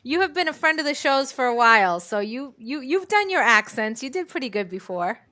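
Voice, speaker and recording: A woman's voice: high-pitched, sing-song, a little fast, bright, forceful tone, dry recording. A woman co-hosting a livestream, speaking in an emphatic, rallying way. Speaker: show co-host. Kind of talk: casual livestream chat. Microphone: online video call.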